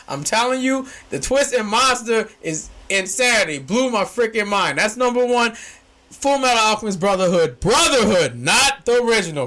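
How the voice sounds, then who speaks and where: A young man, co-hosting a casual chat that swings from low musing to shouting, laughing excitement. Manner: excitable, shouts and laughs when hyped, slangy. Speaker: podcast co-host.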